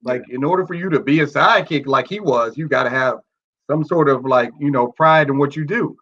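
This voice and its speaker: A man co-hosting a casual comic book podcast, speaking in a relaxed, measured way. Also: mid-range voice, lo-fi sound. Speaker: podcast co-host.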